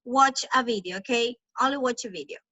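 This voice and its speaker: A woman with a high, bright voice leads an online children's class over a video call. Her first language is Spanish, and she repeats words over and over and mimics animal sounds. The sound is dry and close. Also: moderate pace, no echo, dull audio. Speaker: English teacher.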